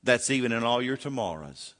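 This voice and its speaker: A male pastor preaching a sermon, swinging dramatically from shouting to near whisper. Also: medium pitch, lively intonation, brisk, long reverb tail.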